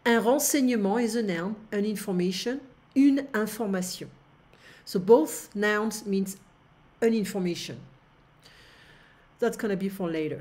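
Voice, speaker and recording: A woman's voice: mid-range voice, a little slow, darkish tone. Teacher woman talking through a lesson. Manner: explains step by step with many fillers. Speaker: French teacher. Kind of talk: online language lesson.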